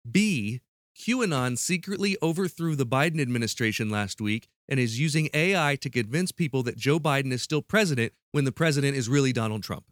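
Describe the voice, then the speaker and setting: A man's voice: medium pitch, expressive, a little fast, no room sound, clean studio sound. A man hosting a podcast, playfully running a quiz with joking stakes and laughing often. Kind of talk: casual podcast chat.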